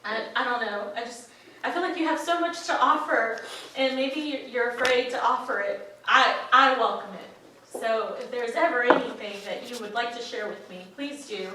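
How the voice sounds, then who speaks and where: A woman's voice: on the high side, moderate pace, pushed and bright, very echoey, distant mic, a little hiss or hum, rough recording. A woman in a church group giving an emotional, heartfelt testimony, close to tears. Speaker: church member sharing a testimony.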